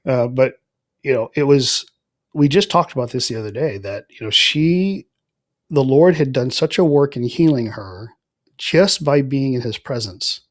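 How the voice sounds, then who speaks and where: A middle-aged man telling his personal faith story as a podcast guest, earnest and reflective, trailing off softly with fillers. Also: medium pitch, animated, a little slow, dry recording, clean studio sound. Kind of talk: conversational spoken testimony.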